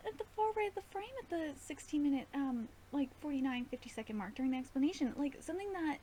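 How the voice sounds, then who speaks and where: A woman's voice: sits high, big pitch swings, fast talker, few pauses, background noise. A woman hosting a live anime reaction, talking in an exasperated, nitpicky way and swearing often. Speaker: host.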